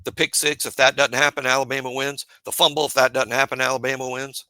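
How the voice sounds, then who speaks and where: A man's voice: mid-range voice, little pitch movement, quick pace, pushed and bright, no room sound, poor audio. A man co-hosting a sports podcast, making his points emphatically and repeating them for effect. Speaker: podcast co-host. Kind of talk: casual sports talk.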